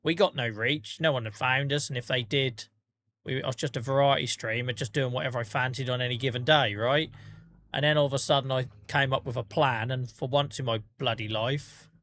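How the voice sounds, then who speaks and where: A man's voice: medium pitch, steady tone, fairly quick, a bit bright, a little hiss or hum. A man with a Norfolk accent, chatting casually to his live-stream viewers while gaming, self-mocking and laughing often.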